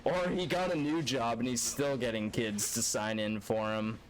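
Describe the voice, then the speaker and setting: A man's voice: mid-range voice, steady tone, moderate pace. A young man streaming a speedrun, telling a long story in a rambling, profane, laid-back way. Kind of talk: casual storytelling while gaming live.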